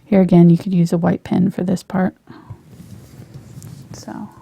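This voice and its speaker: A woman teaching a live painting lesson on a lapel mic, soft-spoken and often dropping to a near whisper as she works. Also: fairly low pitch, flat delivery, unhurried, creaky, husky, no room sound. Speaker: painting instructor.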